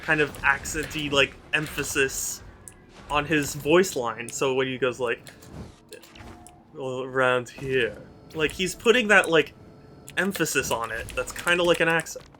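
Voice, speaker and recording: A man's voice: a little high, normal speed, pushed and bright, a little hiss or hum. A man streaming a game and chatting casually with viewers, playfully bickering with them and sounding exasperated.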